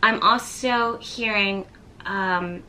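A woman giving a tarot reading to her viewers, gently encouraging them and reading card texts aloud. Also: medium pitch, very slow, slight background noise. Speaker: tarot reader.

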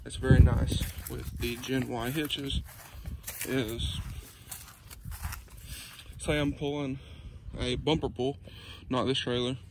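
A man's voice: medium pitch, takes it slowly. Guy rambling about his truck hitch, says y'all a lot, noisy outside, mid voice. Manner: relaxed, rambling, many "um"s and "y'all". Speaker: vlogger reviewing a truck hitch. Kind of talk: casual product review. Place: outdoors by a pickup truck.

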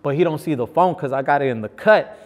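A man's voice: on the high side, fast, heavy background noise. Slangy man telling stories in echo. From Los Angeles. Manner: animated, slangy, acts out other people's lines. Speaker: guest. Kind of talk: casual storytelling.

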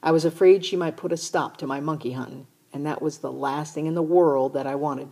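A woman reading a children's novel aloud in a steady first-person narration. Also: low-pitched, brisk, breathy edge. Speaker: audiobook reader. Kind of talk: storybook narration.

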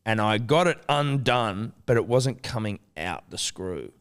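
A man in his thirties with an Australian accent, co-hosting a podcast in casual chat, a lively storyteller who swears freely. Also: on the low side, measured pace, smooth. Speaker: podcast co-host.

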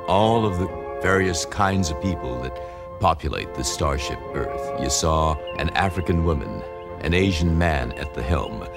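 An older man speaking in a reflective, earnest way in a documentary interview. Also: sits low.

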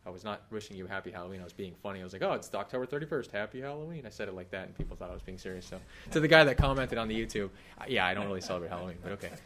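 A pastor in his thirties, his voice sitting low, races through a casual, animated sermon in a church hall and asks the congregation questions. A little hiss or hum can be heard.

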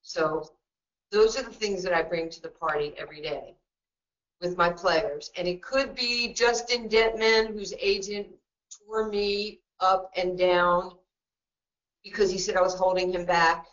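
A woman with a New York accent, a basketball coach speaking in a webinar, blunt and joking, telling stories quickly with many asides. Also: lowish voice, steady tone. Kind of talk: webinar talk. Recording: dull lo-fi webinar audio.

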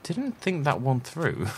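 A man's voice: fairly low pitch, a bit bright. A man chatting casually while playing a game, rambling and self-deprecating. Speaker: let's play host. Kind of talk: casual gameplay commentary.

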